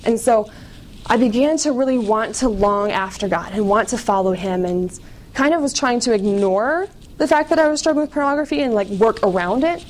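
A woman's voice: fairly high pitch, animated, normal speed, poor audio. A young woman from the United States giving a candid personal testimony to an audience, chatty and full of fillers.

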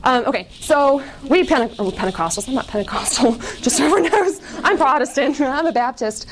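A woman's voice: high-pitched, expressive, a little fast, slight background noise. A woman giving a casual personal testimony to an audience, candid and chatty, full of "like" and small laughs at herself.

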